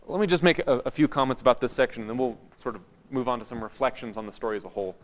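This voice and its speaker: A man preaching a conversational sermon in a church, wry and informal, moving between lively asides and hushed emphasis. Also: mid-range voice, racing, hardly any pauses.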